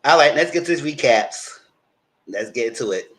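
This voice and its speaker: A man's voice: mid-range voice, animated, normal speed, a bit bright. Guy doing casual live recap talk, blunt and chatty, aave, normal mid voice. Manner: chatty, blunt, acts out what he told the cast. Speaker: commentary channel host. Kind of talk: casual livestream commentary.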